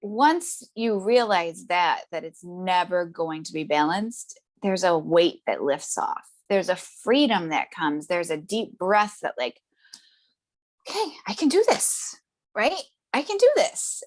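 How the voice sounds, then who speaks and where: A woman as an interview guest, telling a story in a chatty way, full of tag questions and fillers, who laughs often and acts out the voices she quotes. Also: lowish voice. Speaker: interview guest, essential oils seller. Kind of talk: casual conversational storytelling.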